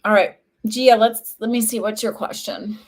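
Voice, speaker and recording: A woman talking casually on a livestream as a psychic medium, chatty and warm, with lots of "like" fillers. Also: a little high, steady tone, moderate pace. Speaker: psychic medium hosting live readings.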